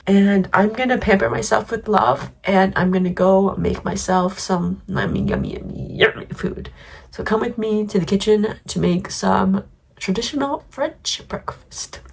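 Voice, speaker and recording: A woman's voice: medium pitch, creaky, slightly rough. A young woman in her twenties from New York, vlogging in a rambling, candid way with lots of "like.". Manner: rambling, heavy use of "like"; candid and confessional. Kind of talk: casual vlog chat.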